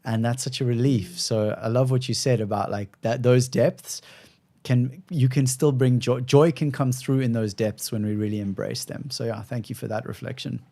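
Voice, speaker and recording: A man's voice: mid-range voice, fairly even intonation, moderate pace, creaky, dark tone. A man hosting a podcast, chatting casually in a playful, self-deprecating way, from South Africa. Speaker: podcast host. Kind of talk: casual conversation.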